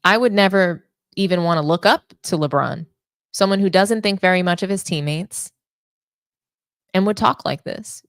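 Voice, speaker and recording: A woman's voice: lowish voice, normal speed, no room sound, clean studio sound. A young adult woman hosting a sports show, delivering opinionated commentary with indignant, sarcastic rhetorical questions.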